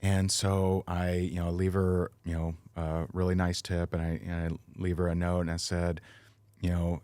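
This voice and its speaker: A man's voice: low-pitched, monotone, moderate pace, darkish tone, no room sound. A middle-aged man talking as a podcast guest, telling an earnest, emotional personal story with many fillers and restarts.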